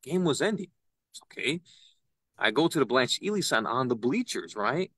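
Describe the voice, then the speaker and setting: A young man, a podcast guest, telling an animated story and acting out the people he quotes. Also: medium pitch, moderate pace, no echo. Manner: excitable, acts out quoted voices. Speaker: podcast guest, citizen news reporter.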